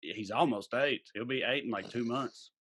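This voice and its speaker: A man's voice: medium pitch, moderate pace, a bit bright, slightly rough. A man, co-hosting a podcast and telling a rambling story in casual chat. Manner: rambling storyteller with many fillers. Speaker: podcast co-host.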